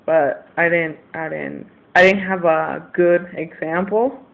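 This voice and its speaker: A man's voice: a little high, slow pace, vocal fry. A young man in his late teens talking to the camera in a rambling, frustrated way, venting about his family. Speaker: vlogger. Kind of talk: casual confessional vlog. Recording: tinny lo-fi webcam audio, faint hiss.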